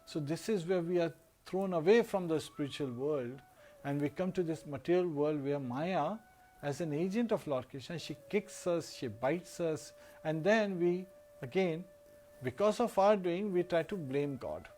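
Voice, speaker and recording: Higher-voiced man telling a devotional story. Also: normal speed. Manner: relaxed storytelling with frequent "uh" and "you know" fillers. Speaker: devotional speaker. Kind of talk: storytelling sermon.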